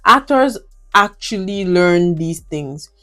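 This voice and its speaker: Chatty Nigerian woman with a low voice. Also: expressive, slow pace, a bit bright, faint music behind. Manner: chatty, laughs often, slips into Nigerian Pidgin. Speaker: YouTube movie reviewer. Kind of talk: casual commentary on her old reviews.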